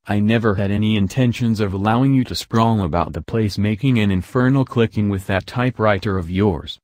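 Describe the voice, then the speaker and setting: A man voicing a pompous, peevish titled gentleman who speaks with dry sarcasm in an audiobook. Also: fairly low pitch, a little fast, no room sound, lightly acted.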